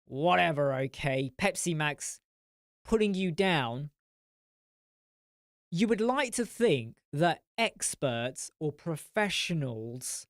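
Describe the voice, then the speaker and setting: A man with an English accent that mixes northern and southern, hosting a live stream chat and answering viewer comments in a blunt, animated way that swears freely. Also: a little high, no echo, clean studio sound. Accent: English, mix of northern and southern.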